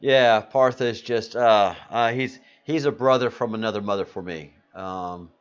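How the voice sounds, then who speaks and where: A man's voice: lowish voice, normal speed, clean tone. Rambling male livestream host, lo-fi sound. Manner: rambling, reads chat names aloud. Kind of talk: casual live-stream chat. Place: Spain. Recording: slightly dull lo-fi audio.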